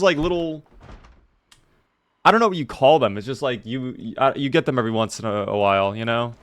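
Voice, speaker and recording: A man's voice: mid-range voice, fairly bright tone. Playful male game streamer. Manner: playful, joking, mock-formal asides; chats with viewers by name. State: talking around a sore in his mouth. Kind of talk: casual gameplay commentary to live chat.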